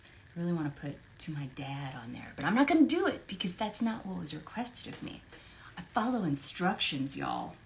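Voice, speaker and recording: Woman voice actress, casual livestream chatter, effusive and a bit low-pitched. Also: wildly swooping pitch, fairly quick, gravelly, a little hiss or hum. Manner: chatty and effusive, thinks out loud. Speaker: voice actress at an autograph signing.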